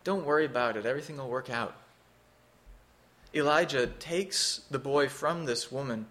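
A man's voice: mid-range voice, a bit bright. A man preaching a sermon, teaching through a scripture passage in an earnest, expository way, rising for emphasis.

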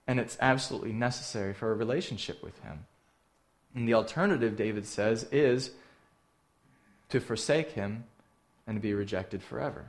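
A man preaching a sermon, earnest and direct, asking the listeners questions and swinging between emphatic lines and hushed ones. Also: fairly low pitch, normal speed. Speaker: pastor.

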